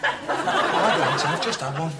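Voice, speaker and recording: A man with a Liverpool accent in studio sketch comedy, quick-tempered and confrontational. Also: a little high, lively intonation, over a noisy crowd, heavy background noise. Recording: studio audience laughter.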